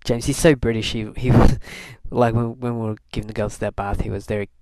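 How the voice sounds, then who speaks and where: A young man from Canada talks through his day in a loose, meandering way, circling back with fillers and restarts as he tells the story with a wry edge. His voice sits at an ordinary middle pitch and the recording is close and dry, with no room around it. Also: steady tone, a little fast, darkish tone, dry recording. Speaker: video blogger. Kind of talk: casual rambling diary talk.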